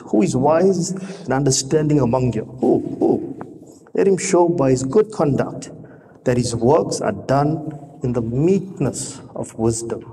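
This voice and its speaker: Preacher in a reverberant hall, mellow voice. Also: male voice, medium pitch. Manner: conversational preaching with rhetorical questions. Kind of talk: sermon. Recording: reverberant hall with faint noise.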